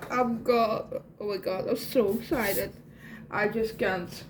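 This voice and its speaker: A young woman vlogging an unboxing at home, gushing excitedly as she talks. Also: medium pitch, takes it slowly, noisy background. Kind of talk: casual unboxing vlog.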